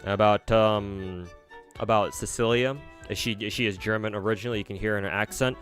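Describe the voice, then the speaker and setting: This man from the United States chats casually with his livestream viewers, hesitating, restarting frequently, and cursing now and then as he rambles. His voice is on the low side, fairly even, quick, and fairly bright, with faint music in the background.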